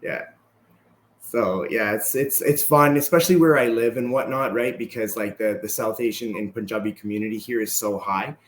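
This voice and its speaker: A man's voice: lowish voice, moderate pace, echoey room, slight background noise. A Canadian man speaking casually as a podcast guest, keeps adding "right?" to his sentences. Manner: relaxed, tags sentences with "right?". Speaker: podcast guest, martial arts instructor. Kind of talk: casual conversational storytelling.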